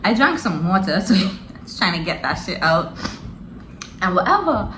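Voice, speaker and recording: A woman's voice: fairly low pitch, big pitch swings, moderate pace, fairly bright tone. A young woman vlogger telling a story casually, laughing often and using slang. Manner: laughing often, slangy, addresses viewers as y'all. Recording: roomy echo, faint noise.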